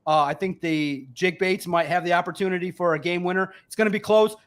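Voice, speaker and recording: A man, a regular guest on a sports talk show, arguing loudly and emphatically with mocking repetition. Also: high voice, steady tone, fairly quick, clean tone. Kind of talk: heated sports debate.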